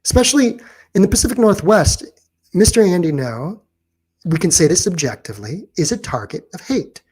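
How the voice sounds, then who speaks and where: A man giving an unscripted opinion monologue as a commentator, talking argumentatively, with frequent pauses, fillers and restarts as he challenges his critics directly. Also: sits high, big pitch swings, a little mellow, husky.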